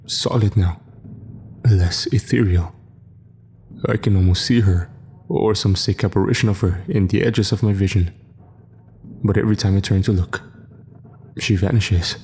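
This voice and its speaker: Dark-voiced male horror narrator. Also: on the low side, steady tone, a little hiss or hum. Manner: grave, measured first-person storytelling. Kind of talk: scripted horror story narration. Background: faint music.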